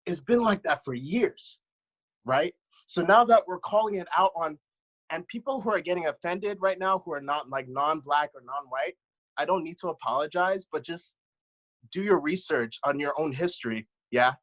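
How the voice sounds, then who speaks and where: A man's voice: on the high side, moderate pace, a bit bright, muffled recording. A man in his thirties, a dance choreographer, giving an earnest, impassioned account as a panelist over a video call. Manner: earnest, impassioned, speaks from the heart.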